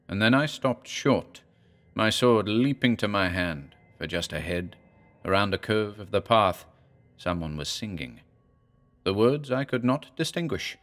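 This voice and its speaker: A man narrating a horror story in a measured, dramatic way. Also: low-pitched, fairly bright tone. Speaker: audiobook narrator.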